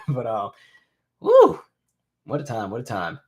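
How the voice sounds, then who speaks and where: Animated man chatting on a live stream. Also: lowish voice, moderate pace. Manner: animated storytelling, reads viewer comments aloud. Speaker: host. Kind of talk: casual live-stream chat.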